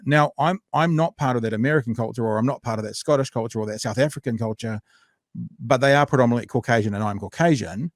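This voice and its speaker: A man's voice: mid-range voice, quick pace, no echo. A male podcast host talking through an interview in an everyday voice. He cuts in eagerly and restarts his phrases as he thinks aloud. The sound is close and dry, with no room around it. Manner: eager, jumps in with repeated restarts. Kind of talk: conversational interview.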